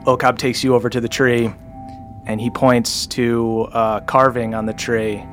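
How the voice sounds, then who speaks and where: A man narrating and running a tabletop game as game master, playful and quick to laugh. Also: mid-range voice, level tone, a bit bright, faint music behind.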